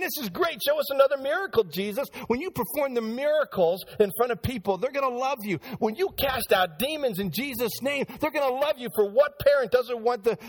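A male pastor preaching a sermon in church, speaking straight to the congregation and acting out the voices he quotes. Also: very high-pitched.

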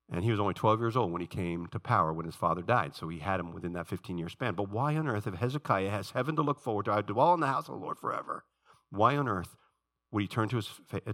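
A middle-aged male pastor preaching a sermon, swinging between loud rising questions and quiet, low asides to the congregation. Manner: preaching with dramatic rises and soft drops, questioning the congregation.

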